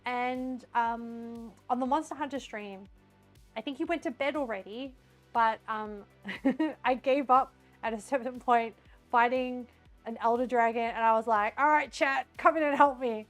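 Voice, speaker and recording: A woman's voice: fairly high pitch, steady tone, a little slow, faint music behind. An Australian woman streamer chatting casually while she cooks in her home kitchen, giggly and scattered. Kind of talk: casual live-stream chat while cooking.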